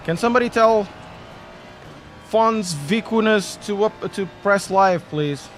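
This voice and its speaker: A man's voice: high-pitched, slow, soft background music. A man, chatting casually and rambling jokily on a sim racing live stream. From Portugal. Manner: rambling, self-deprecating and jokey.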